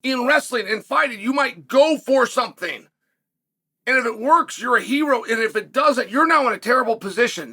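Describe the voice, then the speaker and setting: A man's voice: high-pitched, bright, forceful tone. A middle-aged man hosting a commentary monologue for viewers, emphatic, repeating words and asking rhetorical questions. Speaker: host and former fighter.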